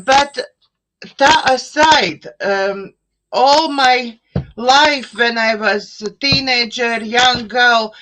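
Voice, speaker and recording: Slow-talking bright-voiced Eastern European woman. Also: on the high side, rough recording. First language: an Eastern European language. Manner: slow, searching, with many fillers and restarts. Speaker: host. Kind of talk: live online chat show.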